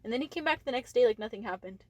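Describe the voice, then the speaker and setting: A young woman, a podcast guest, calmly telling a work story with casual fillers. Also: on the high side, fast. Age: young adult. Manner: relaxed, matter-of-fact retelling with fillers.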